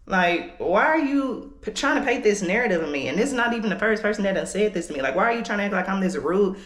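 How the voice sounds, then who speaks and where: A woman's voice: medium pitch, expressive, fast talker. A woman, telling a candid, profane story to her camera while she does her makeup. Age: late 20s. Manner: candid, profane, heated venting. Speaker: vlogger. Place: indoors at home. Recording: echoey room.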